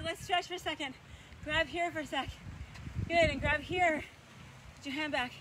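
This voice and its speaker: A woman's voice: high voice, moderate pace, noisy background. A woman fitness instructor coaching a live workout, counting reps aloud and cheering viewers on while out of breath.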